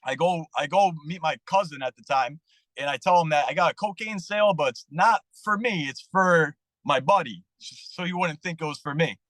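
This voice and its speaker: A man with a fairly high voice tells his story as a podcast guest. He talks candidly and freely swears. The sound is close and dry. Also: normal speed, no room sound, rough recording. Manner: candid, profane and animated, acting out dialogue. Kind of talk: casual storytelling interview.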